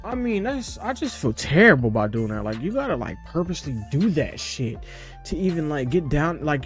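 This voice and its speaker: Animated young man yelling over a game. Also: on the high side. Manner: animated, swearing, shouts and squeals at jumps, sings snatches of rap. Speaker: gaming streamer. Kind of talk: casual gameplay commentary. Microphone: headset or desk mic with face cam.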